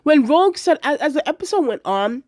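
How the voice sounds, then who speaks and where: A woman in a casual episode review, chatty and animated, acting out quotes with lots of fillers. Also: sits high, brisk. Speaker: video reviewer.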